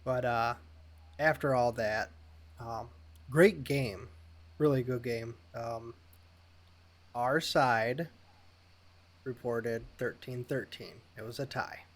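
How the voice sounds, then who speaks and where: A man's voice: medium pitch, fairly even intonation, slow pace, pauses often. Easygoing male podcast co-host. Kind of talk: casual chat.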